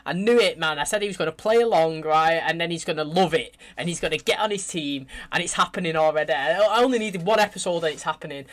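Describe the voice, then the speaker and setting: A man from England, chatting casually and excitedly as he reacts to a TV episode. He talks in lively slang and swears freely. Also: fairly high pitch, fast, few pauses. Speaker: TV reaction youtuber.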